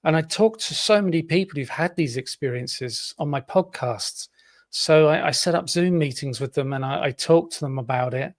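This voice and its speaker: Man, author guest, fairly high pitch, dry close mic, explanatory. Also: moderate pace, dry recording. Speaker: author and podcast host. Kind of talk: interview answers.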